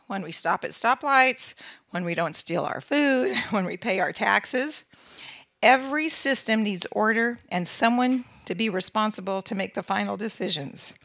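A woman's voice: mid-range voice, sharp tone, no room sound. A woman in her sixties giving a sermon-style talk, mixing scripture with funny personal stories and laughing often at herself. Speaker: women's ministry speaker.

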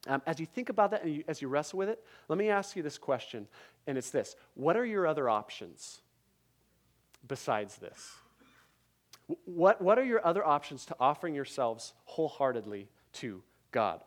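A man's voice: on the high side, sing-song, normal speed. A male pastor preaching a sermon at a church service, emphatic, with repeated phrases and rhetorical questions to the congregation.

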